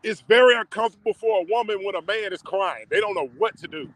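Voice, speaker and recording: A man telling a personal story to camera in a slangy, emotional, drawn-out way. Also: sits high, fairly bright tone, no room sound, rough recording.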